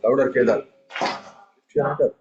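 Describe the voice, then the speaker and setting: A man's voice: mid-range voice, fairly even intonation, measured pace, highs cut off, heavy background noise. A man teaching a group tabla lesson, counting beats and reciting drum syllables for students to follow.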